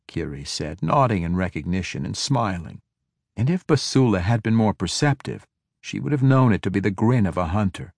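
Low-voiced male fantasy audiobook narrator. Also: lively intonation, a little mellow, dry recording. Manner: measured, dramatic storytelling.

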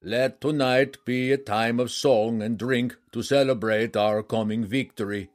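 Man voicing a booming giant warrior king. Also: fairly even intonation, lightly acted. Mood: hearty. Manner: booming, slow and blunt. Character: gruff one-eyed giant warrior king.

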